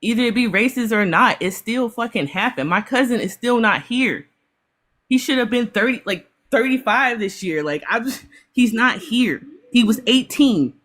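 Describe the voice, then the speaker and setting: A woman giving heated reaction commentary, ranting fast and full of swearing, upset and apologizing. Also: fairly high pitch, lively intonation, a bit bright. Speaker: panelist.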